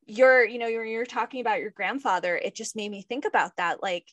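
A woman's voice: a little high, a little fast, a bit bright, no echo. Effusive woman hosting a podcast, dry sound. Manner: effusive, enthusiastic. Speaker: podcast host. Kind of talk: casual interview chat.

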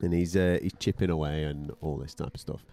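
A man's voice: very deep voice, fairly even intonation, a little fast, mellow. A male podcast co-host and radio boxing commentator telling a story in casual chat, blunt and profane, acting out other people's voices as he goes.

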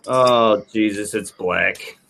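A man's voice: fairly low pitch, slow pace, gravelly, a bit bright, a little hiss or hum. A man on a podcast, talking casually and groaning as he struggles through a very hot chip. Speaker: podcast host. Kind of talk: casual chat.

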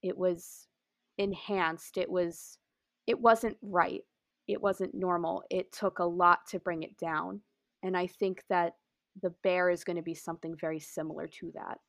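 A woman's voice: lowish voice, little pitch movement, normal speed, dry recording, clean studio sound. A woman speaking earnestly in character during a tabletop game. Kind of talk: in-character role-play.

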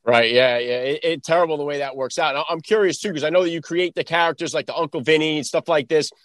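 A man hosting a casual interview, asking questions quickly and repeating words as he starts them. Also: on the high side, a bit bright, no echo, studio quality. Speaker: podcast host.

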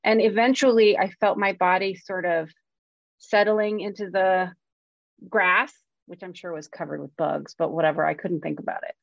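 A woman's voice: on the low side, steady tone, normal speed, vocal fry, no echo. A woman screenwriter talking candidly in conversation, frank and self-deprecating, swearing freely. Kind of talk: candid personal storytelling in conversation. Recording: dull, dry lo-fi recording.

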